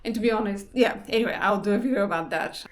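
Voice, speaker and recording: A woman's voice: mid-range voice, quick pace. A young woman vlogging in a casual, chatty way, with many fillers and restarts. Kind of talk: casual chat.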